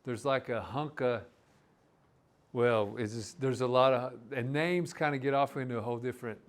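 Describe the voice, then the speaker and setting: A man teaching a live language class, explaining words in a relaxed, rambling way with many restarts. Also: medium pitch, moderate pace.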